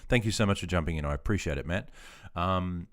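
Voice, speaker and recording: A man's voice: low-pitched, fast, fairly bright tone. An Australian man in his fifties, chatting in a rambling, self-deprecating way while reading out chat on a gaming live stream. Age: 50s.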